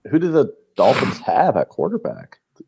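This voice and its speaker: A man's voice: medium pitch, huge pitch swings, normal speed, gravelly, a little mellow, breathy edge. A man co-hosting a podcast, talking bluntly and rambling, with frequent swearing and restarts. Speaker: podcast co-host. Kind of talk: casual chat.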